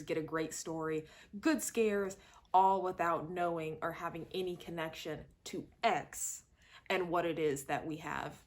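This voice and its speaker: A woman giving a casual, chatty movie review and talking expressively. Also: lowish voice. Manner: chatty, expressive, acts out lines in quotes.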